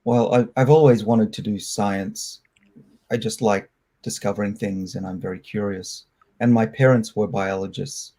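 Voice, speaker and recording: Middle-aged Australian scientist, interview guest; low, warm voice; candid and reflective. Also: male voice. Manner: candid, reflective, loose and halting. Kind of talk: conversational interview answers.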